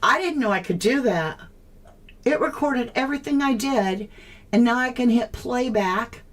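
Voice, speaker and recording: A woman's voice: a little high, animated, moderate pace. A woman hosting a true crime livestream, puzzling aloud in casual chat and greeting viewers by name.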